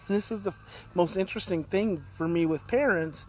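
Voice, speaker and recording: Earnest high-voiced man live-streaming. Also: moderate pace, a little mellow, slight background noise. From California. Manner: rambling, earnest, greets viewers by name. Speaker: parenting educator hosting a daily live stream. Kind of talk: casual live-stream talk. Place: outdoors. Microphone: phone on a live stream.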